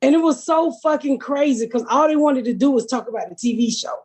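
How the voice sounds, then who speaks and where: A woman's voice: sits high, brisk, darkish tone, a little hiss or hum. A middle-aged woman hosting a podcast, telling stories in a blunt, profane, casual way. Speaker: podcast host. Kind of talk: casual chat.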